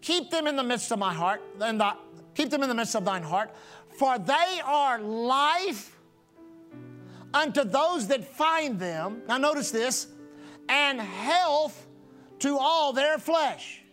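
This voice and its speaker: High-voiced pastor preaching with repetition. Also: male voice, animated, takes it slowly, fairly bright tone, soft background music. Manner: repetitive preaching cadence, repeats phrases for emphasis. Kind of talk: sermon.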